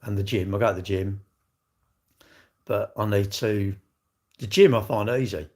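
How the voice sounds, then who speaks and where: A man's voice: lowish voice, fairly even intonation, measured pace, darkish tone. An older man chats on his own livestream in a blunt, argumentative way. He swears freely and answers his commenters head-on. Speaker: livestream host. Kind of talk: casual livestream chat.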